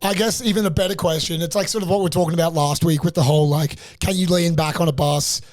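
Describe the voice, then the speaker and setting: A man's voice: on the high side, quick pace, no room sound, clean studio sound. A young man, ranting through a funny story on a casual podcast, swearing constantly. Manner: animated, profane ranting storyteller. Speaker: podcast co-host.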